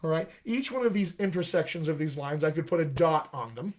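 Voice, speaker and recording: Guy coaching accents on a live stream, keeps asking "all right?", a bit high-pitched, laptop mic at home. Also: lively intonation. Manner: explains slowly, checks in with "all right?". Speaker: dialect coach.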